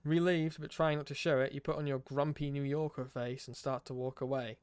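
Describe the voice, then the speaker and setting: A man streaming, reading a game's story aloud with expressive narration and wry asides. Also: medium pitch, a little fast, clear, resonant tone, dry recording.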